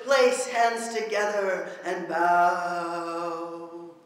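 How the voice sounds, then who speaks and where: A woman's voice: fairly low pitch, fairly even intonation, drawn-out words. A woman poet giving a live performance of her work, chanting in rhythmic, incantatory repetitions. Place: bookstore anniversary festival, indoors. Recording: echoey hall recording from far off.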